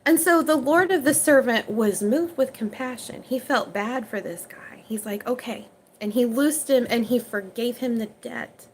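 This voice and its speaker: A woman's voice: a little high, normal speed, slight background noise, low-quality recording. A woman under forty with an Oklahoma accent reads the King James scripture aloud, then retells it in everyday slang and chats with her viewers. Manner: answers viewer questions chattily. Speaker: online Bible reader. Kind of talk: scripture reading with casual commentary.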